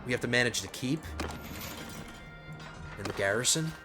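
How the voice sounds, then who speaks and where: A man hosting a let's play, giving casual gameplay commentary and getting excitable as he thinks aloud. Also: medium pitch, normal speed. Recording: game music playing under the voice. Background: game music.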